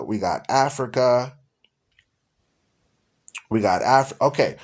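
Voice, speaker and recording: A man who hosts a radio show, preaching in an emphatic, rhetorical way and repeating his questions for effect. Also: mid-range voice. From United States. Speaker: radio show host and Bible teacher.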